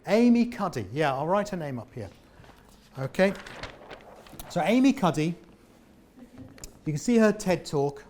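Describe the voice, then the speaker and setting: A man, a former comedian, leading a lively interactive workshop on presenting and asking the audience questions. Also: on the high side, a little slow, pauses often. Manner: animated, jokey, questions the audience. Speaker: presentation trainer. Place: meeting room with an audience.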